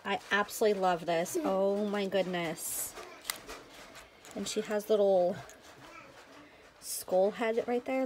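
A woman vlogging a mail unboxing in a gushing, excited, chatty way. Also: mid-range voice, slow pace, long pauses, background noise. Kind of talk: casual happy-mail unboxing vlog.

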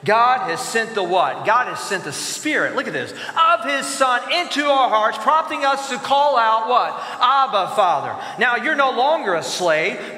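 A male pastor preaching a sermon in a church, animated, asking the congregation to answer his questions aloud. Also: extremely high pitch. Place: church sanctuary. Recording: echoey church hall with long reverb.

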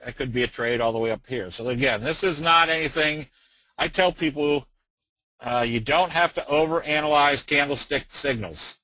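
A middle-aged man presenting a trading webinar, plain-spoken and folksy, with frequent filler pauses. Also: a little high, pushed and bright, no room sound, poor audio. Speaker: trading educator.

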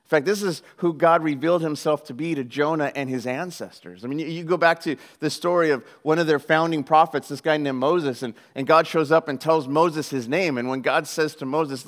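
A male pastor preaches in a lively, casual tone, keeping his delivery conversational and peppered with humor. His voice sits a bit higher than most men's. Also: fairly quick, few pauses. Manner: animated, jokey, conversational preaching. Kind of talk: sermon.

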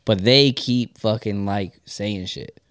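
A young man co-hosting a podcast, laid-back and rambling, full of fillers and profanity, often trailing off quietly. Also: on the low side, slow pace, dry recording, clean studio sound. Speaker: podcast co-host. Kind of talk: casual storytelling on a podcast. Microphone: studio podcast mic.

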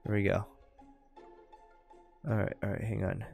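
A young man giving excitable gameplay commentary, talking straight to his viewers and yelping when something startles him. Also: lowish voice, unhurried, gravelly, long pauses, husky, faint music behind. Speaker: gaming YouTuber.

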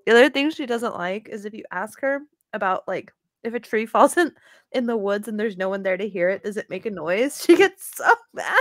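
A woman's voice: mid-range voice, expressive, a little fast, no room sound, clean studio sound. A young woman co-hosting a podcast in casual chat, laughing often as she talks. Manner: giggly, laughs often while talking. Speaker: podcast co-host.

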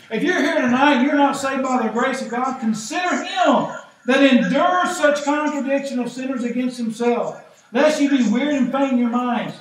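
A middle-aged man, preaching a sermon as pastor in a folksy, animated way, acting out the voices he quotes. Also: very high-pitched. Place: church sanctuary. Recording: echoey church from far off, faint noise.

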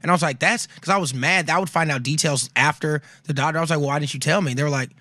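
A man and comedian chatting on a podcast, telling stories in a lively way, acting out his family's lines with plenty of swearing. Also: a little high, quick pace, no room sound. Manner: animated storyteller, acts out family dialogue with swearing. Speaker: comedian guest. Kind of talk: casual podcast chat. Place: podcast studio.

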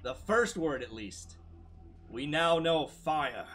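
A man casually chatting and commentating while playing a video game, loud and playful, bursting into shouts. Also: fairly high pitch, animated, slow, faint music behind. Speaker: gameplay commentator. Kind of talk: casual gaming chat.

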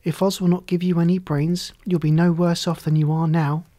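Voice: medium pitch, little pitch movement, normal speed, mellow, close to an everyday voice. A storybook reader voicing a polite, kind young girl, speaking in a slightly raised, sympathetic tone. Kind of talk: storybook reading.

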